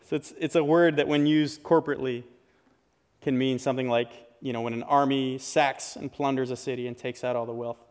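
A man's voice: medium pitch, fairly even intonation, a little fast, clean tone. Earnest male pastor preaching in a reverberant sanctuary. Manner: earnest, conversational preaching with restarts. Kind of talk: sermon. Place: church sanctuary. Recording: long hall reverb.

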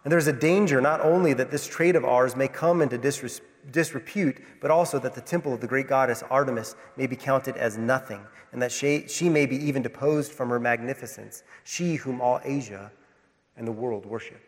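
A male pastor preaching a sermon with passion, swinging between loud emphatic lines and hushed ones. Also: mid-range voice, moderate pace, in a large hall. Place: church sanctuary.

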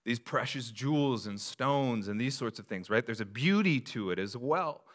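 A man's voice: medium pitch, animated, moderate pace. A man preaching a sermon to his congregation, in a conversational style with rhetorical questions and frequent restarts. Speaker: pastor.

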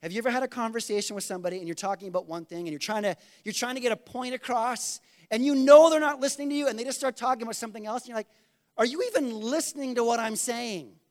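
A man's voice: very high voice, fast. A man preaching a conversational sermon, acting out little quoted exchanges and asking the congregation to respond. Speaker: pastor.

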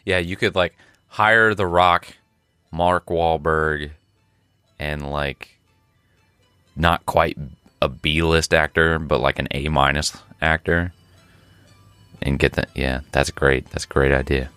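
A man's voice: very deep voice, fairly even intonation, takes it slowly, pauses often, sharp tone, clear, resonant tone, dry recording, faint music behind. A man co-hosting a comedy podcast, laid-back and joking. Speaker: podcast co-host. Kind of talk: casual comedy chat.

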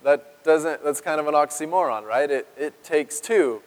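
A man's voice: fairly high pitch, normal speed, in a large hall. A man preaching a sermon as pastor, talking conversationally and asking his congregation questions. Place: church sanctuary.

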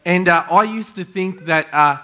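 A middle-aged man preaching a sermon to a congregation, telling stories with excitable energy and frequent chuckles. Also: high voice, normal speed. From Australia. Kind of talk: sermon with storytelling. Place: church in front of a congregation.

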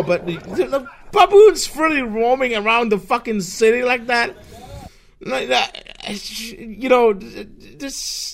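A young man hosting a solo podcast, ranting sarcastically and swearing constantly. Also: a little high. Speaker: podcast host.

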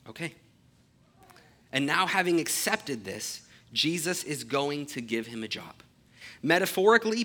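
This earnest sermon comes from a man whose voice is bright, forceful, and a bit higher than the typical male range. After reading scripture out loud, he unpacks its meaning, pressing on important phrases and easing his pace to stress them.

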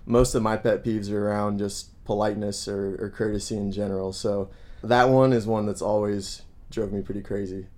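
Low-voiced American man, easy podcast chat. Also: little pitch movement, normal speed, darkish tone. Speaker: podcast co-host. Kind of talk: casual chat. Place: Santiago, Chile.

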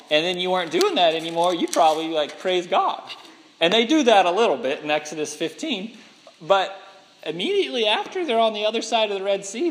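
Animated man teaching a Bible lesson. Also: sits high. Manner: animated, laughs often, acts out quotes. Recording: long hall reverb.

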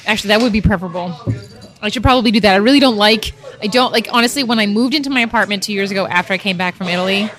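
A woman's voice: mid-range voice, rapid-fire, fairly bright tone. A woman in casual podcast chat who laughs often, swears playfully and pokes fun at herself.

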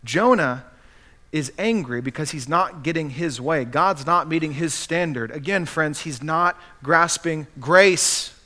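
A man's voice: a little high, unhurried, bright, forceful tone. A man preaching a sermon as pastor, earnestly acting out the quotes he cites.

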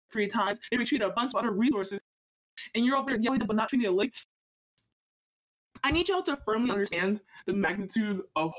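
A woman co-hosting a podcast, ranting heatedly and swearing a lot in casual chat. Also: a little high. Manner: heated, profane, emphatic ranting. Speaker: podcast co-host.

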